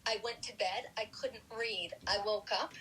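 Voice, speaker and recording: A woman guest on a podcast interview, retelling personal experiences in a lively, animated way. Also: medium pitch, unhurried, slightly rough, rough recording.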